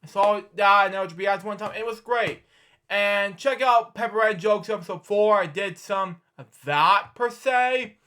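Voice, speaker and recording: Slow rambling young man muttering. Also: sits high. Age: 20s. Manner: mutters to himself while searching, sudden loud outbursts. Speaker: reaction video host. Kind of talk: rambling casual commentary.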